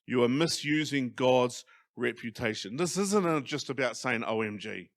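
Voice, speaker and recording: A man with a New Zealand accent preaching a sermon as pastor, emphatic, swinging from loud stresses to quiet asides. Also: mid-range voice, lively intonation, moderate pace. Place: church hall.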